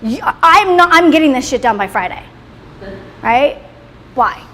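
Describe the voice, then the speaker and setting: A woman's voice: sits high, lively intonation, measured pace, fairly bright tone. A woman in her thirties running a motivational class, talking emphatically, swearing freely and ending points with "right?". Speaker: class leader. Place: salon in a roomy hall. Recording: reverberant room, faint background noise.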